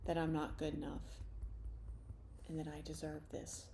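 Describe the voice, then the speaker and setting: A woman leading a guided EFT tapping session, speaking slow, repetitive first-person statements for listeners to repeat. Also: deep voice, completely flat delivery, creaky, dark tone, slight background noise. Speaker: tapping practitioner.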